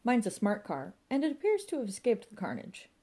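Lady playing a proper polite lady, composed, pitched up from her narration. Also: huge pitch swings, fairly quick, mellow, slightly rough.

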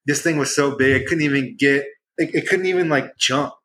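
A young man rambles through a fishing story with plenty of restarts, leaping into excited quoted voices. His tone is bright and forward at a middle pitch. A faint hum of noise sits under his voice. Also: a little fast, low-quality recording. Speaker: podcast guest. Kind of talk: casual chat.

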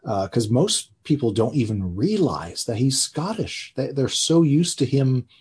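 A man's voice: mid-range voice, very animated, unhurried, darkish tone, husky. A man guesting on a podcast in casual chat, easygoing and agreeable.

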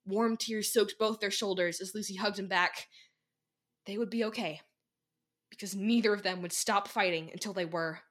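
A woman's voice: mid-range voice, fairly even intonation, moderate pace, a bit bright. A young woman narrating an audio drama and voicing several characters with emotion. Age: young adult. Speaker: narrator and voice actor. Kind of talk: fan audio drama reading.

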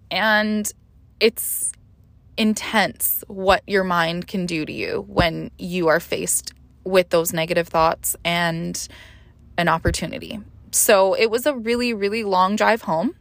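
A woman's voice: medium pitch, steady tone, slow, vocal fry, fairly bright tone, no room sound. Candid woman, dry close sound. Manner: candid, rambling, frequent swearing and "like" fillers; emotional, rising sharply when reliving panic. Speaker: podcast host. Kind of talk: confessional podcast monologue.

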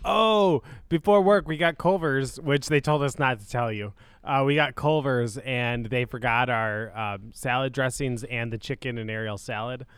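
A man's voice: medium pitch, moderate pace, a bit bright, smooth, no room sound. A young man co-hosting a casual podcast, telling stories with frequent laughter and quoting others. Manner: storytelling, laughs often, quotes others. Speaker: podcast co-host. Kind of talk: casual chat.

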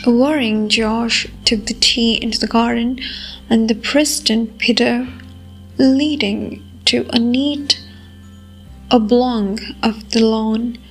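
A woman reading a novel aloud as narrator, in a measured, unhurried way. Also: on the high side, steady tone. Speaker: audiobook narrator. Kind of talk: scripted narration. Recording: faint music behind.

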